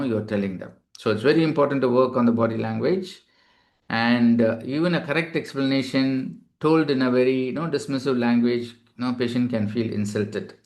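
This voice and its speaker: A man's voice: mid-range voice, darkish tone. Man lecturing in a webinar, many fillers. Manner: explanatory, many "you know" fillers. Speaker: doctor giving a webinar.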